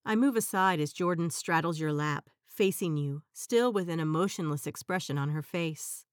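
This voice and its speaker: A woman narrating an erotic audio story in a soft, even, intimate storytelling voice. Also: low voice, normal speed, no echo, studio quality.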